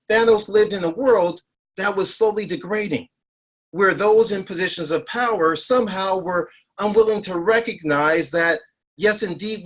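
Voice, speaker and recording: High-pitched guy, heart doc in his 40s, storytelling talk, says stuff twice for emphasis. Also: fairly bright tone. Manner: storytelling, rising to emphatic peaks; repeats words for emphasis. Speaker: cardiologist speaker. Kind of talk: motivational health talk.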